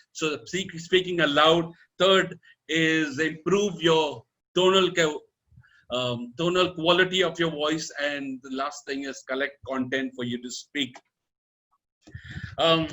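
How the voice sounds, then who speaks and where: Man, bright forceful voice, slightly high, easygoing tips on public speaking. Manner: conversational, with fillers and self-corrections. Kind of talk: casual advice talk.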